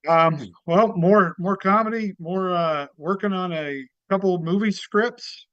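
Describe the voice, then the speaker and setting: A relaxed comedian talking on a podcast in an easygoing, halting way. His voice sits a touch high and smooth. The recording is dry and slightly muffled. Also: no echo. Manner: easygoing, halting, many fillers. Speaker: comedian guest. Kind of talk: casual interview chat.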